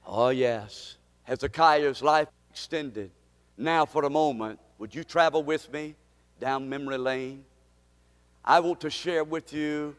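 A man's voice: fairly high pitch, slow pace, big-room sound. A man preaching a sermon as pastor, impassioned and repeating key phrases for emphasis.

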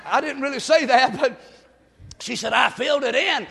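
A man preaching as a pastor, swinging from shouted exhortation to soft, hushed storytelling. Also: extremely high pitch, moderate pace, creaky, husky. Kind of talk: sermon. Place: church sanctuary. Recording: long reverb of a large hall.

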